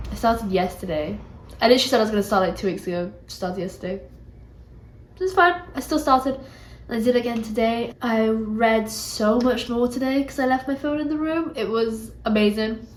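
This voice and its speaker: Vlogging from a resort hotel room, a young British woman rambles, mocks herself, and swears casually, sounding congested. Her medium-pitched voice is a little mellow. The echoey room carries faint ambience and slight background noise.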